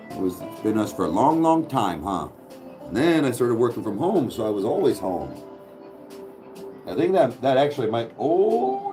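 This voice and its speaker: A young man casually chatting with his viewers and cooing softly to his dog. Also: mid-range voice, very animated, moderate pace, music in the background. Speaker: streamer host.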